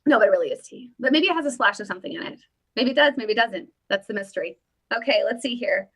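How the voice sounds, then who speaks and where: Bright-voiced chatty woman livestream host. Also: a little high, lively intonation, fast talker, breathy edge, rough recording. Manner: chatty, greets viewers by name, playful. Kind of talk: casual livestream chat.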